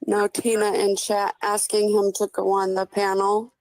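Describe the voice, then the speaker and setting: A woman co-hosting commentary, explaining things in a measured way. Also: mid-range voice, monotone, dry recording, low-quality recording. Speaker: commentary co-host. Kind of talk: casual commentary chat.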